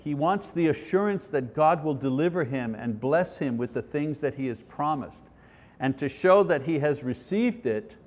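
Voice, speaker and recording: A man's voice: on the high side, darkish tone. A middle-aged man leading a Bible study lesson, talking earnestly in a conversational way and reading scripture aloud. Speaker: Bible teacher. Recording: long reverb of a hall.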